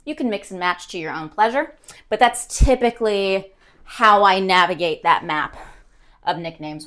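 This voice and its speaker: A woman's voice: medium pitch, normal speed, fairly bright tone. A young woman streaming, chatting casually, rambling and giggling with many ums.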